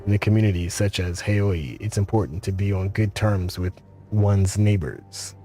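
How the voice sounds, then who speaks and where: A man voicing a cultured, polite male tinkerer in a video game, speaking in a pleasant, measured and faintly ironic way. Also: fairly low pitch, music in the background, natural voice.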